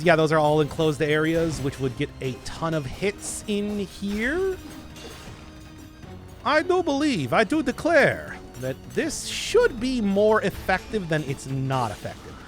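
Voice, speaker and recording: A man giving casual, joking commentary while playing a video game, often teasing himself. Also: fairly high pitch. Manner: playful, joking, self-deprecating. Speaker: gaming streamer.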